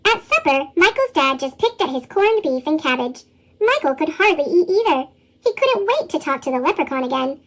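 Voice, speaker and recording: A woman reads a children's storybook aloud with lively expression. Her voice runs through a chipmunk pitch shift, very high and bouncy, with a wide, sing-song swing. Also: moderate pace. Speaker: storybook reader.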